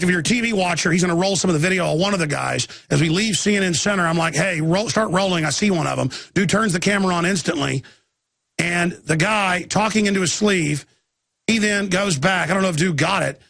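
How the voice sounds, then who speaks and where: A man's voice: high-pitched, creaky, a bit bright, no echo, clean studio sound. A man hosting a talk radio show, telling a long story in an intense, rambling way with frequent restarts and sudden outbursts.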